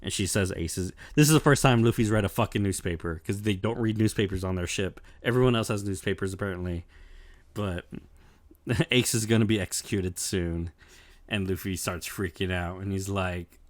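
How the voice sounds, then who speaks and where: A man's voice: low voice, normal speed, no echo. A man co-hosting a podcast, recapping episodes in loose, profane chat with lots of laughs and fillers. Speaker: podcast co-host. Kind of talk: casual chat, recapping an anime.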